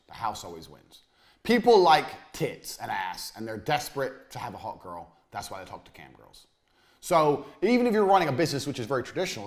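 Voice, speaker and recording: In a university room, a business speaker lectures bluntly and crudely. He alternates between loud, forceful emphasis and quiet, muttered asides.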